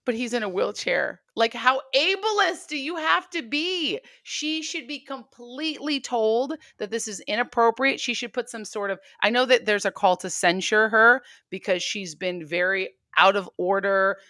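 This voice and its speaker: Woman guest on a political show, blunt and emphatic, bright voice, dry close sound. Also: a little high, no echo. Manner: blunt, emphatic, quick to mock. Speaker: guest commentator.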